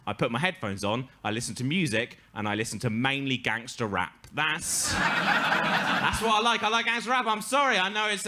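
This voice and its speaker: Deadpan nasal English comedian, bright tone. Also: male voice, medium pitch. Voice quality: nasal and monotone. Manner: deadpan, self-deprecating, wry. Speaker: stand-up comedian. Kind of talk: stand-up storytelling. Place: live storytelling stage with audience.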